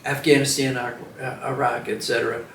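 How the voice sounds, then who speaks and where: A man's voice: mid-range voice, flat delivery, a little fast, gravelly, fairly bright tone, a little hiss or hum. A man in his seventies, a veteran giving an oral history interview, who speaks hesitantly and reflectively with many fillers and restarts. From Washington, DC, United States. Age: 70s. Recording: roomy sound from a distant mic.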